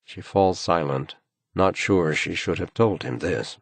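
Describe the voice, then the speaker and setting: Low-voiced, expressive male audiobook narrator. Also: a little slow, creaky, slightly rough, dry recording. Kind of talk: scripted narration.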